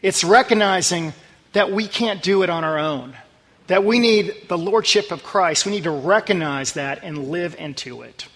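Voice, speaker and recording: A man preaching a sermon as pastor, talking conversationally and earnestly, dropping low and quiet on scripture verses. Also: normal speed, in a large hall.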